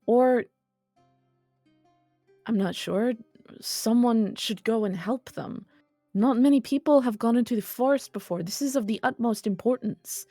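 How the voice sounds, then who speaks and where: A woman's voice: a little high, a little slow, pauses often, mellow, dry recording, faint music behind, pitched above the performer's own voice. A woman voicing earnest young noblewoman. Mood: pleading. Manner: earnest, insistent.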